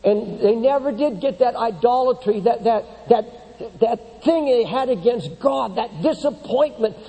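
A man preaching a sermon with passion, climbing to high emphatic peaks, then dropping low and slow, and repeating words as he builds. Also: creaky, warm tone. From United States. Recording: long hall reverb.

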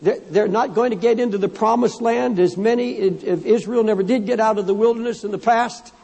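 Male pastor, sermon delivery, husky and urgent, repeats lines for emphasis, church hall echo. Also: high-pitched, brisk, mellow. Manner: fervent preaching, repeating phrases for emphasis; reads scripture aloud and addresses the congregation directly. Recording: long hall reverb in a church.

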